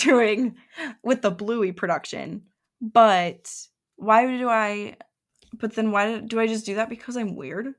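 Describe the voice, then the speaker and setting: A young woman hosts a chatty solo podcast, rambling and interrupting herself as she googles things and reacts to them. Her voice is mid-range and a bit bright, and light keyboard typing can be heard in the background.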